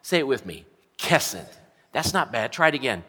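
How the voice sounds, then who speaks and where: Male pastor, bright voice, preaching in a reverberant church hall, paced with dramatic pauses. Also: mid-range voice, very animated, husky. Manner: dramatic pauses, leads congregation in repeating words. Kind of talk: sermon.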